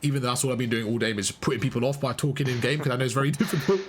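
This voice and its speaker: A man's voice: medium pitch, fairly even intonation, very fast, noisy background. A young man coaching a player live through a match, emphatic and full of praise, repeating his instructions. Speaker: game coach. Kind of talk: live gameplay coaching commentary.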